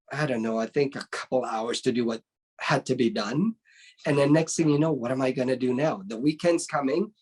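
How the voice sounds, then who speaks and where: In a casual interview, a middle-aged martial arts instructor with a medium-pitched, slightly rough voice tells a story. He's animated, acting out the voices of the people involved and often ending lines with "right?"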